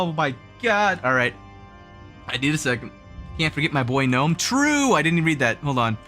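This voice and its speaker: A young man streaming a game, talking to chat in a chatty, self-mocking way. His voice sits a little high, swinging widely in pitch, with a bright, forward tone. Faint music plays in the background. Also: very animated, normal speed. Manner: chatty and self-mocking, laughs often, reads chat aloud; counts jump timing aloud in a rhythmic sing-song. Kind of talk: casual gaming livestream chat.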